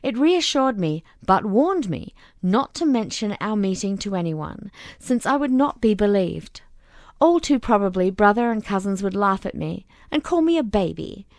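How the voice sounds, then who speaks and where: A woman reading a novel aloud in slow, expressive narration on a close mic. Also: mid-range voice, dry recording. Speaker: audiobook reader.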